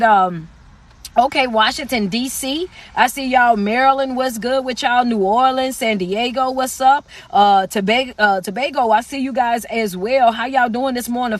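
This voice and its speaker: A woman's voice: on the high side, no echo. A woman giving a live-stream motivational talk into a phone, in a rhythmic, preacher-like cadence with lots of repetition, calling her listeners baby and sweetheart. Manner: chatty shout-outs to viewers. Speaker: motivational speaker.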